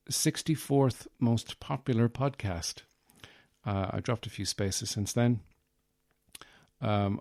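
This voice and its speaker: Here the podcast host's voice is medium in pitch and warm, captured dry on a close mic. He's a man rambling comically, meandering, mocking himself and leaning on plenty of fillers.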